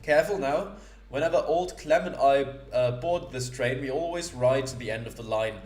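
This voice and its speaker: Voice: mid-range voice, moderate pace, a little mellow, lightly acted. A man playing a hearty minotaur woman. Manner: hearty, teasing. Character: hulking female minotaur, jovial and tough. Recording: roomy echo.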